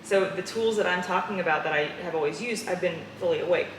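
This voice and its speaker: A woman in a casual interview conversation, an animated storyteller who laughs often. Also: lowish voice, quick pace. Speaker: guest. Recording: echoey room with clear background noise.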